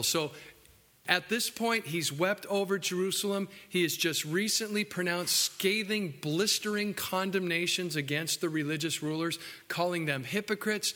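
Pastor guy preaching, bright punchy voice, long church-hall reverb. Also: sits high. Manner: animated, acts out quotes, jokes with the congregation. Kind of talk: sermon. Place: church building.

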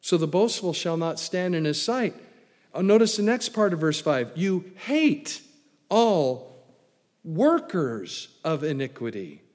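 A man preaching a sermon emphatically, swinging from loud declarations to hushed lines. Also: sits high, animated, a little slow. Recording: long hall reverb.

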